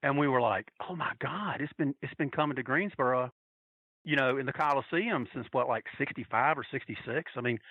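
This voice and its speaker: A man from North Carolina casually telling a story as a podcast guest, animatedly acting out quotes in a higher voice. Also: no echo, phone-quality sound. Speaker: podcast guest, wrestling fan.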